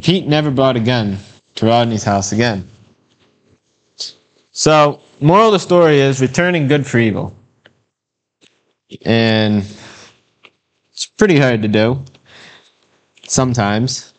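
A man reads a short children's story aloud for a Bible lesson, unhurried and plain, now and then stumbling over a word. His voice sits at an ordinary middle pitch for a man. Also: lively intonation. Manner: plain, unhurried reading aloud with occasional slips and fillers. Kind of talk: reading a children's devotional story and scripture aloud.

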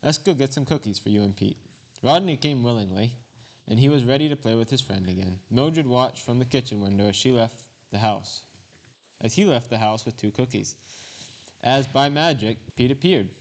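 A man reading a children's devotional story and Bible verses aloud, in a plain, unhurried manner with occasional slips. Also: mid-range voice. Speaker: Bible lesson reader.

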